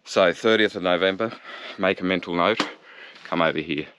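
A man's voice: low-pitched, normal speed, noisy background. An Australian man vlogging his bike ride outdoors, with jokey, upbeat commentary to the camera full of local slang. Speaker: cycling vlogger. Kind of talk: chatty running commentary while riding. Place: outdoors on a bike ride through a national park. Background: background music.

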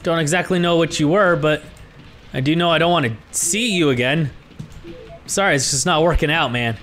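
A young man giving let's-play commentary on a horror game, excitable and swearing a lot, yelling when startled. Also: on the high side, normal speed. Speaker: gaming YouTuber.

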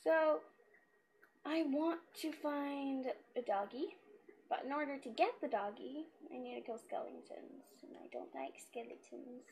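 Quiet woman talking over her game, high voice, slow and um-y. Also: slight background noise. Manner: quiet, hesitant, many ums. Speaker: gamer. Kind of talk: casual let's-play commentary.

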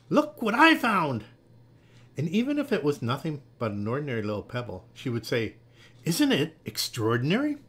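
A man gently and expressively reading a children's picture book aloud. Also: medium pitch, slightly rough. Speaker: storyteller.

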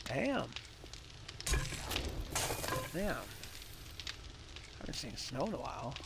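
A man's voice: mid-range voice, very animated, takes it slowly, vocal fry, heavy background noise. Laid-back man chatting over gameplay. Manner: laid-back, swears casually. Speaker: gaming partner. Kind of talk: casual chat while gaming.

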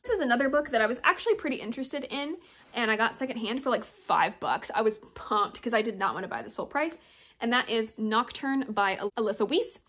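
Chatty, higher-voiced woman gushing over books. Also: lively intonation, a little fast, fairly bright tone. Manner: gushing, chatty, reads blurbs aloud. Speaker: booktuber. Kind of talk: casual book haul vlog.

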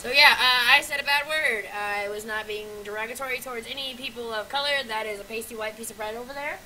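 A young woman vlogging at home in casual unscripted chat, swearing a lot and swinging between loud exclamations and muttered hums. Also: on the high side, fast, a little hiss or hum, low-quality recording.

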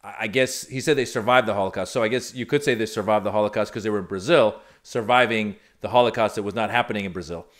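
A man hosting comic political commentary, talking in an animated, sarcastic way with big swings in pitch. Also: fast talker, few pauses. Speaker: comedian commentary host.

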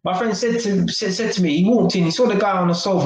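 A man's voice: high-pitched, animated, quick pace, roomy sound, low-quality recording. A man giving a casual live-stream talk to his viewers, chatty and full of tag questions. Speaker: vlogger.

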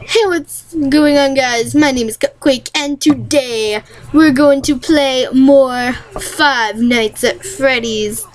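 A young woman mimicking a female gaming YouTuber's slow, chirpy channel intro. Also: high-pitched, rough recording.

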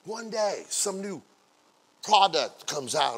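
Gravelly-voiced pastor preaching a lively sermon. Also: male voice, a little high. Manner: builds from quiet asides to loud, drawn-out exclamations; acts out everyday scenes with playful quoted voices.

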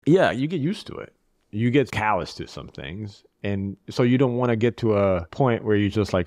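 A man from Eastern Europe talking as a podcast guest in casual, reflective conversation, measured and restarting his phrases as he thinks. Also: on the low side, lively intonation, darkish tone, no room sound, clean studio sound.

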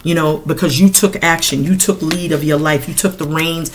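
A middle-aged woman giving a casual tarot reading in a blunt, animated, profane way. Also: low voice, moderate pace, a little hiss or hum. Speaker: tarot reader.

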